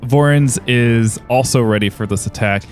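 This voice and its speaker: A man's voice: medium pitch, moderate pace, soft background music. A man narrating a tabletop game as game master, describing the combat in dramatic detail.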